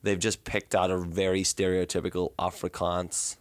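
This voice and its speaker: Rambling lower-voiced man from South Africa. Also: flat delivery, normal speed, smooth, no echo. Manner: rambling, self-correcting, laughs at himself. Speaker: co-host. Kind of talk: casual banter podcast.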